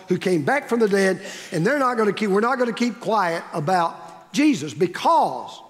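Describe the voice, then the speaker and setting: High-voiced man preaching in a hall. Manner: emphatic, repetitive preaching with rising stresses. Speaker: pastor. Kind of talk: sermon. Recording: long reverb of a large hall.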